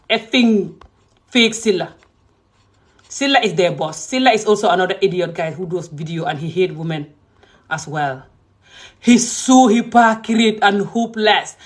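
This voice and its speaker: An indignant woman with a Gambian English accent rants to her viewers. Her voice sits at an ordinary middle pitch and jumps from loud, emotional outbursts to low muttering. She sounds heated and impassioned throughout. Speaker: vlogger. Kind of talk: heated ranting monologue.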